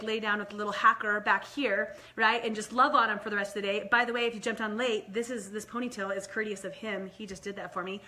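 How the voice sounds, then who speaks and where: On the higher side, bright and forceful, this young mother hosts a casual vlog to camera. She's chatty, full of "like" and "right?", and her delivery alternates between rapid and slow stretches.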